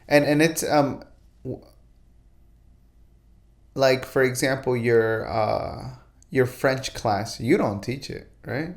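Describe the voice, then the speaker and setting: A man's voice: medium pitch, takes it slowly, pauses often. A man hosting a podcast, asking casual questions and often repeating words as he forms them. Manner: stammering, repeats words while forming questions. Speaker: podcast host. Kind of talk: casual interview.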